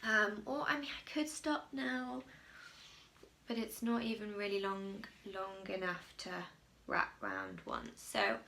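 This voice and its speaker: Chatty English woman, gravelly and bright. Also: mid-range voice, very animated, moderate pace. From England. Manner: chatty, rambling, self-mocking. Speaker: crochet podcast host. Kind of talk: casual chat to camera.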